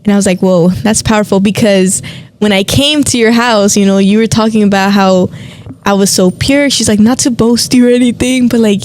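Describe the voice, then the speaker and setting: A woman's voice: mid-range voice, normal speed. A woman co-hosting a podcast, telling a faith testimony in casual chat and acting out the voices of people she quotes. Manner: animated storyteller, acts out quoted voices. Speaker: podcast co-host.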